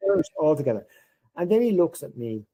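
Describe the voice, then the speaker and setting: Middle-aged irish guy on a podcast, really dark mellow voice, acts out the quotes in his story. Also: on the high side, a little fast, breathy edge, rough recording. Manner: animated storyteller acting out quoted dialogue. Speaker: podcast guest. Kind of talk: anecdotal interview storytelling.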